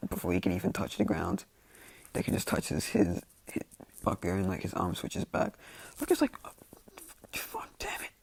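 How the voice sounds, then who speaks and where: Rambling man with a gravelly, low voice. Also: huge pitch swings, moderate pace, a little mellow. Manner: rambling, full of fillers. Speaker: fan storyteller. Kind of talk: casual storytelling.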